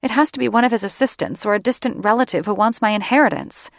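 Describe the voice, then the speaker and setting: A woman's voice: fairly high pitch, quick pace, creaky, dry recording, clean studio sound, pitched above the performer's own voice. A woman narrator voicing a distressed young siren woman who pleads and trembles with emotion in an audiobook. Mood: upset, pleading. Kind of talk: audiobook character reading.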